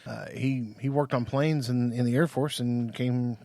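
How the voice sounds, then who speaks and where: Joking co-host, dry close sound. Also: male voice, mid-range voice, fairly even intonation, a little slow, dark tone, no echo. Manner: joking, banters, playful. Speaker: podcast co-host. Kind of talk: casual chat. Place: studio.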